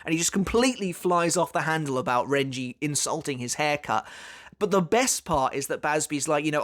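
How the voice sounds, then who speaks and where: A man talks through an anime character breakdown in a loose, chatty way. His voice sits a touch higher than most men's. He leans on fillers and restarts his sentences as he thinks aloud. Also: animated, a little fast, fairly bright tone. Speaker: anime commentary YouTuber. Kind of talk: casual video essay analysis.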